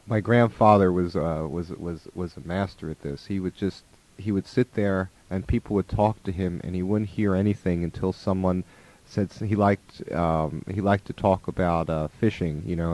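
A man's voice: deep voice, a little mellow, dry recording. A man giving a conversational spiritual talk about relationships, slipping into the voices of the people in his stories. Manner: conversational, acts out quoted voices.

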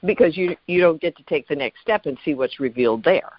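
An affirming host talks a caller through her thoughts, with a pitch that swings lively up and down. The host adds playful asides and frequent small agreements. The sound is dull and lo-fi, with no room around it. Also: fairly quick, dry recording. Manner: affirming, many backchannels, playful. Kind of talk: supportive talk-show conversation.

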